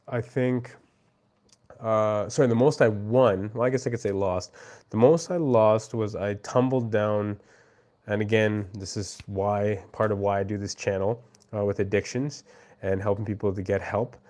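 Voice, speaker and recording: A man hosting a casual live stream, answering his chat in a rambling, friendly way with plenty of fillers and restarts. His voice sits a little low and has a warm, mellow tone.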